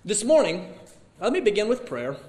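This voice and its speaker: A man teaching a Bible class and leading prayer, excited and rambling with many restarts. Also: high-pitched, moderate pace, reverberant.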